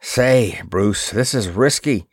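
A man's voice: lowish voice, animated, takes it slowly, no echo, studio quality. Man playing a placid, cautious navigator. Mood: earnest. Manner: cautious, earnest. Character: placid bespectacled male chief navigator.

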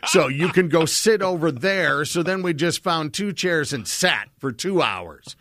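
A man with a somewhat high voice tells a winding personal anecdote in casual conversation. He often stumbles and restarts his sentences. The sound is dry and close. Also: lively intonation, unhurried, a bit bright, dry recording. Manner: rambling storyteller with many restarts. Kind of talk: casual chat.

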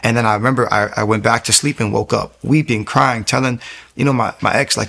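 Gravelly-voiced man in his twenties, middle pitch; an earnest, emotional testimony delivered with halting restarts. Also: fairly bright tone. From New York area. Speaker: guest telling his testimony. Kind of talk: personal testimony storytelling.

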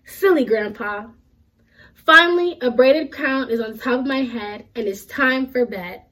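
A woman's voice: high-pitched, measured pace, a bit bright, poor audio. A young woman, a university student, reading a children's picture book aloud in a friendly way. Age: young adult. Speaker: student storybook reader.

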